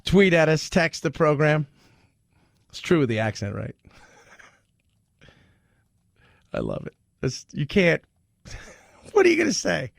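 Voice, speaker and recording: Gravelly joking talk radio host. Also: male voice, on the high side, takes it slowly, long pauses, no room sound, clean studio sound. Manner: joking, animated, laughs often. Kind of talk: casual talk radio monologue.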